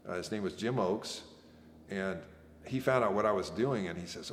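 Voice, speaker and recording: An older man recalls his army days for an oral history interview, and he slips into the voices of the people in his story. His voice sits a bit low. The room around him is echoey, with a long reverb tail. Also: normal speed, slight background noise. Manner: animated storyteller, acts out quoted voices. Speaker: veteran interviewee.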